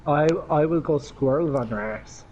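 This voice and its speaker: A man's voice: on the high side, moderate pace, darkish tone. Playful man on lo-fi voice chat. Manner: playful, teasing, mock-threatening. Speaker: co-host. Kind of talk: joking livestream banter. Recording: dull lo-fi sound with clear noise.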